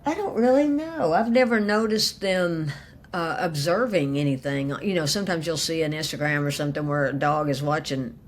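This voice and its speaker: A woman co-hosting a casual podcast chat, speaking gently and haltingly with many pauses. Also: deep voice. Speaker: podcast co-host.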